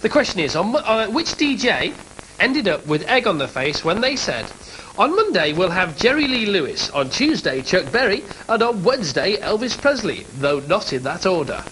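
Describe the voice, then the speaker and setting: A man's voice: sits high, big pitch swings, moderate pace, pushed and bright, a little hiss or hum, poor audio. A man hosting a breakfast TV show and phone-in quiz, chatty and jokey. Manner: jokey, chatty, laughs often. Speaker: host.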